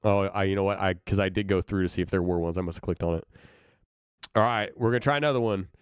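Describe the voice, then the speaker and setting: A man's voice: sits low, fast, clean tone, no echo, studio quality. A man from Brooklyn, a band musician, chatting casually with viewers on a livestream, laughing often. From Brooklyn, New York. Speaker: band musician streaming reactions.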